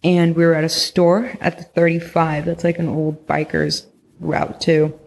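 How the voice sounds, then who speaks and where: A woman's voice: deep voice, level tone, unhurried, creaky, darkish tone. A young woman from Northern California telling her own story in casual conversation, rambling and swearing, with lots of "like". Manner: rambling, heavy use of "like", frequent swearing. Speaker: podcast guest recounting experiences.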